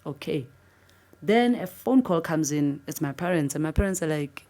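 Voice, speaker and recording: Low-pitched South African woman, interviewee, animated earnest storyteller. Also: moderate pace. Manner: earnest, animated retelling, voice jumping up for disbelief. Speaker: interviewee, former football captain.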